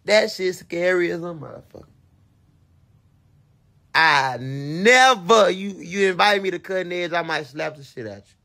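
A man, telling a profane, animated story to camera and acting out his own screams and quotes. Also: high voice, brisk, creaky. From Fort Worth, Texas. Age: 20s. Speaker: vlogger.

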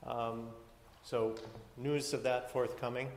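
A man's voice: medium pitch, little pitch movement, slow pace, a little hiss or hum. A man giving church announcements from the front as pastor, chatty and rambling, with many fillers and restarts. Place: church sanctuary. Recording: echoey hall from far off.

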